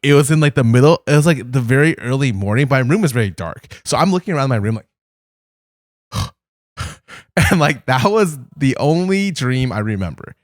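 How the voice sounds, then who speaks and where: Speaking fast with hardly any pauses, this medium-pitched man co-hosts a podcast and tells stories in an animated, casual way, cursing freely. The audio is dry and of studio quality.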